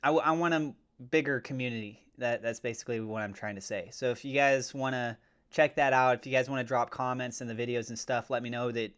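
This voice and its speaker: A man hosting his own cryptocurrency channel, chatting casually and getting excitable as he watches prices move. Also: medium pitch, fairly quick, smooth. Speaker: crypto YouTuber. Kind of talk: casual commentary to camera.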